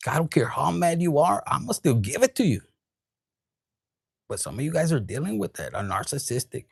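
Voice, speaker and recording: A man giving a collective tarot reading. He talks in a profane, animated way and drops into Spanish. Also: medium pitch, normal speed, creaky, no room sound. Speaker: tarot reader.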